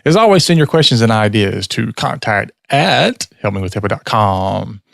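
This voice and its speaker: A man's voice: lowish voice, very animated, normal speed, gravelly, a bit bright, no room sound, clean studio sound. A man co-hosting a podcast, laid-back in casual chat and closing out the show. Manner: laid-back, gives short replies and laughs. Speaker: podcast co-host.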